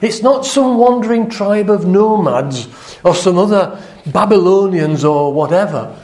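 A man's voice: sits high, lively intonation, measured pace, darkish tone, reverberant. A man preaching a sermon in a conversational way, acting out the quoted speech of God with a raised voice.

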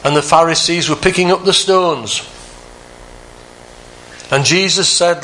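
A man preaching a sermon, earnest, climbing higher for emphasis and dropping soft on the quieter phrases. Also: unhurried, pauses often.

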